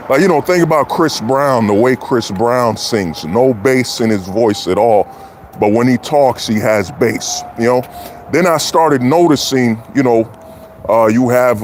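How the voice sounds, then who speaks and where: A man's voice: lowish voice, slight background noise. A man hosting a livestream, giving a preachy, repetitive casual monologue. He keeps asking his listeners whether they follow him. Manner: preachy, repetitive, keeps asking "you know what I'm saying". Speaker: livestream host.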